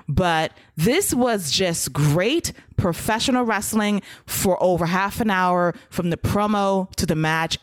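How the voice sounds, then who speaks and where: A woman hosting a casual wrestling talk show, briskly recapping segments and acting out promos. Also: fairly low pitch, dry recording, clean studio sound. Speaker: wrestling podcast host.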